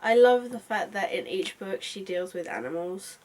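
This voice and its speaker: A young woman giving a casual book review, chatty and excitable with lots of asides. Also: mid-range voice, moderate pace. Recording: voice a bit far from mic.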